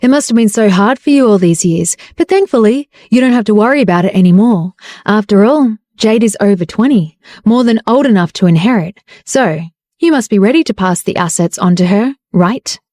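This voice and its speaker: A woman voicing a cold, arrogant young male billionaire who speaks calmly and sarcastically. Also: medium pitch, brisk, no room sound, studio quality, close to an everyday voice. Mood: cold sarcastic. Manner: calm, icy, sarcastic.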